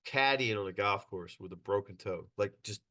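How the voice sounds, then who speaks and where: A middle-aged man, a podcast guest, telling stories in a lively casual way, laughing and acting out quotes. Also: on the low side, normal speed. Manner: animated, laughs through his stories, acts out quotes. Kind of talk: casual storytelling.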